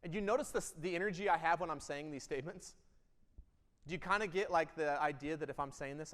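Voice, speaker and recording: A man delivering a keynote to a room of listeners, talking quickly in a voice pitched a bit high. He pushes hard on key lines and then drops to quiet intensity. The sound carries a long reverb from a large hall. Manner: emphatic, swings between loud bursts and quiet intensity. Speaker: keynote speaker. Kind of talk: energetic keynote speech with audience interaction. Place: event hall.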